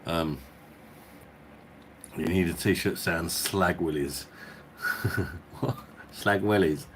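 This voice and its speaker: Beer-channel host, man, low voice, casual and sweary, rambling chat. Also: drawn-out words, fairly bright tone, a little hiss or hum. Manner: rambling, swearing, chuckling as he talks. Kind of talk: casual storytelling chat and viewer Q&A.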